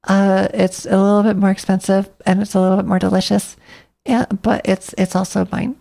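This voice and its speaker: A woman's voice: medium pitch, level tone, a little fast, creaky, dark tone. A woman streamer chatting casually, rambling and thinking aloud to herself.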